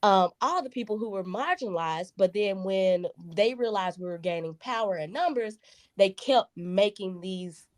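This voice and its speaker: A woman co-hosting a podcast in a casual, emphatic conversation, jumping high in pitch when she stresses a point. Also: normal speed, darkish tone. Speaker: podcast co-host.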